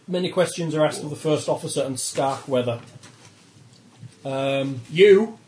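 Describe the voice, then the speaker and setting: A man's voice: a little high, measured pace, darkish tone, roomy sound, slight background noise, poor audio. A man running a tabletop horror game as game master, laughing often and reading rules aloud.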